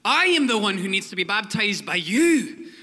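A man voicing a fiery wilderness prophet with a put-on Scottish accent, loud and high. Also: sing-song, moderate pace, full character voice. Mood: pleading. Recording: long hall reverb.

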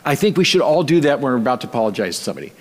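A man's voice: medium pitch, very animated, racing. Man preaching with long reverb. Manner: conversational storytelling with light humor. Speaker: pastor. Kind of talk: sermon.

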